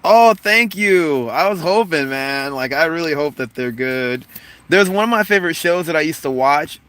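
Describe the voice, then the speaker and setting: A man's voice: lively intonation, moderate pace, a bit bright. A man in his forties chatting casually on a livestream, laughing often and joking about doing accents. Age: 40s. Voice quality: voice not very deep. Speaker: livestream host. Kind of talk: casual livestream chat reading comments.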